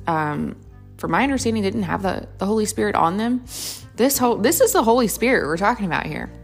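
A woman teaching a casual Bible study, chatty and enthusiastic, thinking aloud as she goes through the passage. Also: medium pitch.

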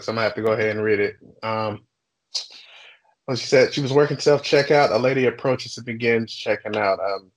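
Young guy on a podcast ranting through a work story, cussing a lot, animated, mid-pitched voice. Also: low-quality recording. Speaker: podcast co-host telling a story. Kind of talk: casual chat.

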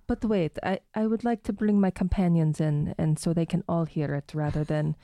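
Mellow-voiced woman tabletop player. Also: fairly low pitch, fairly even intonation, normal speed, no room sound, studio quality. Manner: polite, hesitant with fillers. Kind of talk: in-character tabletop play.

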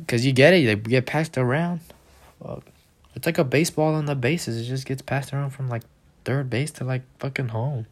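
A young man ranting casually and with much profanity, often mimicking people in mocking, higher voices. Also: moderate pace.

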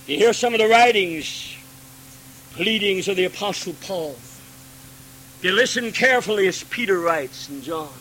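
A man preaching a Pentecostal sermon, swinging from hushed pleading to ringing cries and acting out God's pleading voice. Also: high voice, animated, moderate pace, long pauses, a little hiss or hum, rough recording.

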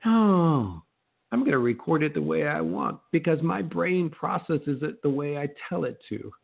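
A middle-aged man coaching real estate agents in a motivational talk, lively and acting out little exchanges in shifting voices. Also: a little high, normal speed, vocal fry, slightly rough. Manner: animated, acts out quoted exchanges in changing voices. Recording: narrow phone-like sound.

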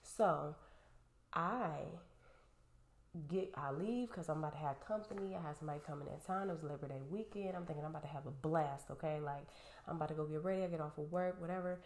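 A woman with a low, heavy voice tells a storytime straight to her viewers. She is animated and profane throughout. Her voice bounces around a roomy space. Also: a little fast. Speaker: vlogger. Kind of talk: storytime rant. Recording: roomy echo.

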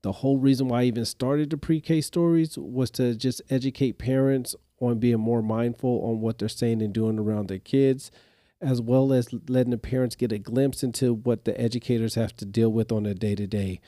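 A man's voice: medium pitch, steady tone, moderate pace, dark tone, no echo, clean studio sound. A man hosting a podcast, retelling a story casually and animatedly, with growing exasperation. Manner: speaks straight to listeners in slang. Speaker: podcast host.

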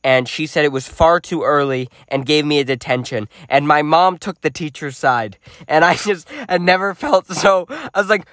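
A man chimes in on a podcast with jokes and side stories in a casual manner. His voice sits a little on the higher side. The recording is dry and close. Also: moderate pace, a bit bright, no room sound. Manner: joking, chiming in. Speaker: podcast co-host. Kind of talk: casual chat.

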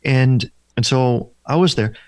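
A man of ordinary pitch tells a story in a sit-down interview. He is earnest and slows down to stress key moments, voicing the other people in it. His voice is recorded close and dry, with no room sound. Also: a little mellow, dry recording. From former Protestant, now Catholic. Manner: earnest, slows down for emphasis, acts out dialogue. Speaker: deliverance minister, guest.

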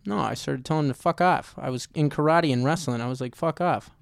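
A man's voice: mid-range voice, fast talker, vocal fry, no echo, clean studio sound. A man in his twenties, a podcast guest talking loosely and profanely in a casual chat. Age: 20s. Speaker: guest recording artist.

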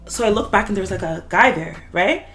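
A young woman co-hosting a podcast, telling an animated story in casual chat, full of "like" and swearing. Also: medium pitch, a little fast, music in the background. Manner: animated storytelling, swears a lot, heavy filler "like".

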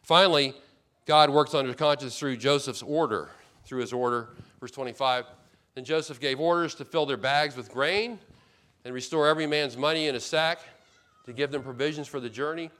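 Preaching at a moderate pace in a medium-pitched voice, a man serving as pastor puts the characters of a Bible story into his own words. Loud emphasis gives way to quiet, hushed asides and back again.

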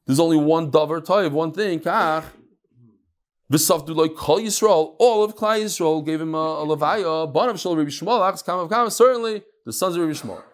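A man teaching a text class who reads passages aloud, then explains them in relaxed talk and tells stories. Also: fairly high pitch, normal speed. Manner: storytelling, acts out quoted voices. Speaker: Talmud teacher. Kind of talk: Talmud class lecture.

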